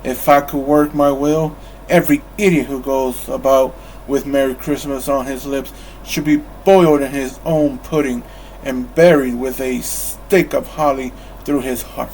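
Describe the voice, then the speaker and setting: Storybook role: a man reading a mean old miser, gruff and snapping, loud and slow. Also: a little high, fairly even intonation, a little hiss or hum, poor audio. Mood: grumpy snapping.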